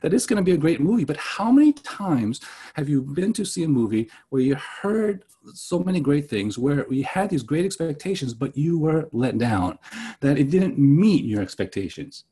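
A pastor preaches a sermon conversationally, often checking in with listeners and asking "right?" a lot. His voice is fairly high with big pitch swings, a dark tone, a breathy edge, and normal speed.

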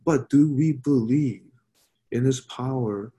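A man's voice: mid-range voice, slow, warm tone. A man preaching a sermon in an earnest way, asking rhetorical questions and repeating phrases.

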